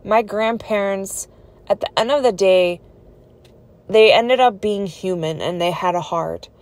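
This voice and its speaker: A woman's voice: mid-range voice, a little slow. A woman telling her own life story in a personal vlog, speaking in an earnest, conversational and reflective way.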